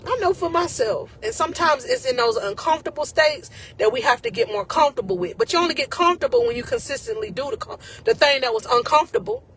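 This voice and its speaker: A woman's voice: high-pitched, big pitch swings, fast talker, few pauses, fairly bright tone, a little hiss or hum. A woman life coach giving an emotional, encouraging faith talk to her viewers, casual and often close to tears.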